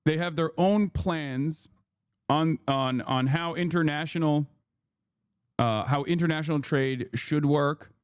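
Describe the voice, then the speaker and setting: His voice is a little high and smooth, and he takes his time; the studio-quality audio has no room sound. On stream, the man offers casual political commentary on a news clip, swearing sarcastically and slipping into mocking impressions when quoting others.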